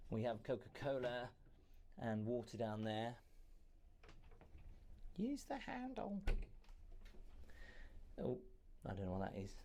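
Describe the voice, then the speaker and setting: A man's voice: medium pitch, a little mellow. British guy walking you round, chatty and amazed, mid voice. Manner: wide-eyed, marveling, chatty. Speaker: streamer. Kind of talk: casual touring commentary.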